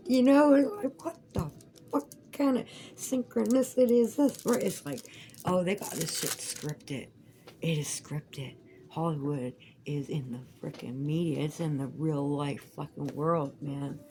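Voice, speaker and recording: A woman's voice: fairly low pitch, normal speed, mellow, slight background noise, low-quality recording. A woman chatting casually while crafting, rambling and profane, with emphatic outbursts. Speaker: vlogger.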